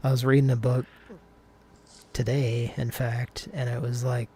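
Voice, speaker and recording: A man's voice: mid-range voice, level tone, a little slow, darkish tone, a little hiss or hum. A man co-hosting a casual talk show, rambling through stories and reading listener comments aloud. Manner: rambling, self-interrupting storyteller. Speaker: podcast co-host.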